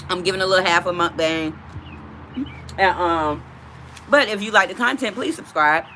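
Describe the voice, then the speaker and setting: A woman's voice: fairly low pitch, moderate pace, pushed and bright, slight background noise. A woman hosting a casual livestream from outdoors, chatting directly with her viewers. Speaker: livestream host.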